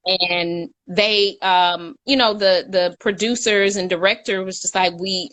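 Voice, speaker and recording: A woman's voice: mid-range voice, fairly even intonation, unhurried, fairly bright tone, dry recording. A young woman co-hosting a casual live chat, talkative and laughing, reading out viewer comments. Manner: chatty, laughs often, reads out viewer comments. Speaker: co-host.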